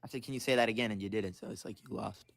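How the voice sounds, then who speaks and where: A young man with a high voice, teasing and slangy as a caller in a casual chat. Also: very fast, creaky.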